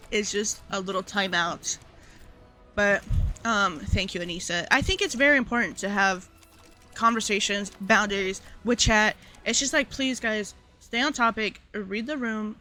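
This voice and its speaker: A woman's voice: mid-range voice, normal speed, sharp tone. A woman streamer talking casually to her chat, rambling with lots of fillers and asides. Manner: rambling, filler-heavy, addressing chat directly.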